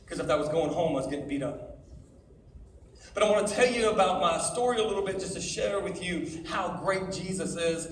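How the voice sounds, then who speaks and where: A middle-aged man preaching to teenagers in an animated way, calling out for the crowd to answer him. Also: high voice, brisk. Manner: animated, calls for audience responses. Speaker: youth speaker. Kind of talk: sermon. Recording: echoey hall from far off with faint noise.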